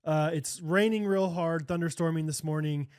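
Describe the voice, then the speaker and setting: Midwestern podcast co-host, high voice, rambling and laugh-prone. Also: male voice, moderate pace, darkish tone, clean tone. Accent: American Midwest. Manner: laughs often, rambling with many fillers. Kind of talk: casual chat.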